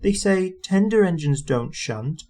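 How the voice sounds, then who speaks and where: A man reading a storybook aloud, voicing a meek, gentle little male engine who speaks timidly and eager to please. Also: sits high, expressive, a little slow, voice pushed up. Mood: sad.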